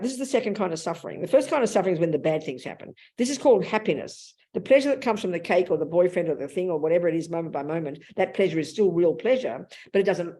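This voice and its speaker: An older woman with an Australian accent gives a dharma talk. She teaches in a frank, earthy, animated manner, full of everyday slang. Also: lowish voice. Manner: blunt, animated, colloquial. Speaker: Buddhist teacher.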